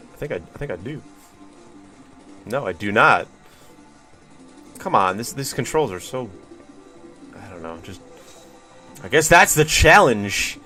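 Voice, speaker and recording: A man with a fairly low, sharp-toned voice streams a video game, rambling wryly and swearing casually as he chats with his viewers. It's loose gameplay commentary, full of profane, wry musings aimed at chat.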